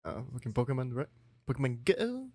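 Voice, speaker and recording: A man's voice: medium pitch, big pitch swings, darkish tone. A man co-hosting a casual podcast, bantering, laughing often and swearing. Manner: joking, quick to laugh, profane banter. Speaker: podcast co-host.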